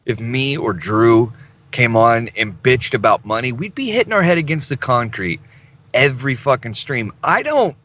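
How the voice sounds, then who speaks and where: A man co-hosting a podcast in casual chat, animated and emphatic, swearing freely. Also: mid-range voice, moderate pace. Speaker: podcast co-host.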